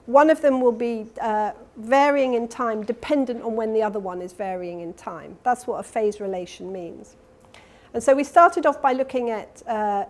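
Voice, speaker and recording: Older woman, higher register, conference keynote; explanatory lecturer walking an audience through slides. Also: a little mellow. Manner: explanatory, talks through slides, demonstrates sounds. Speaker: professor giving a keynote lecture. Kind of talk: academic lecture. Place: conference hall.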